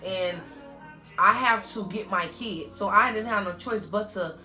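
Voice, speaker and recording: A woman's voice: medium pitch, pushed and bright. A young woman vlogger telling an emotional story-time monologue, earnest and talking straight to her viewers. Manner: earnest, talks straight to viewers with constant "y'all".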